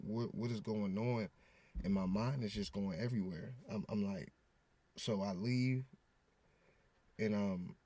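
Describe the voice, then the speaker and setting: A man opening up in a candid confessional vlog, talking earnestly with halting restarts and casual swearing. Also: on the low side, a little mellow. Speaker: vlogger, father.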